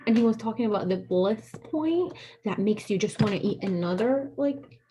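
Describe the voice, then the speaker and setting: A woman chatting casually with a friend, telling animated stories and acting out what people said. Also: medium pitch, normal speed, a little hiss or hum. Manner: animated storyteller, acts out quoted voices, laughs often. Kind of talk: casual chat.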